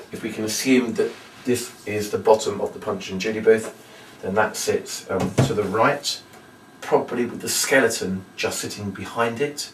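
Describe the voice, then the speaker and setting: A man's voice: lowish voice, noisy background. A man teaching how to perform a magic and puppet trick, explaining each step and acting out the patter with a bigger voice. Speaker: magic and puppet show instructor. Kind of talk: training demonstration. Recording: roomy echo, mic set far off.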